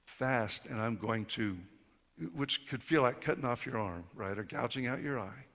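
A man preaching a sermon in a conversational way, rising to emphatic peaks and then dropping soft. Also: mid-range voice, normal speed. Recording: reverberant hall.

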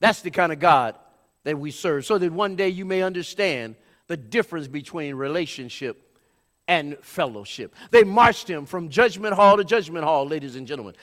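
Male preacher, high-pitched storyteller who rises to shouts; long hall reverb. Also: animated, normal speed. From California, USA. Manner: storytelling, builds to shouted climaxes. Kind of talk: sermon.

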